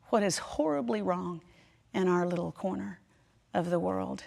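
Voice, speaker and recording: A woman teaching a women's Bible study, telling a personal story in an emphatic, heartfelt way with dramatic pauses. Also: lowish voice, creaky, mellow. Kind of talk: emotional sermon storytelling.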